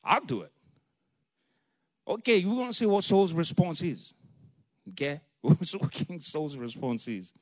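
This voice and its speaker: Lively, chatty man teaching the Bible. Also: fairly high pitch, moderate pace, dry recording, clean studio sound. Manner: conversational, retells scenes in casual slang voices. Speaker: preacher.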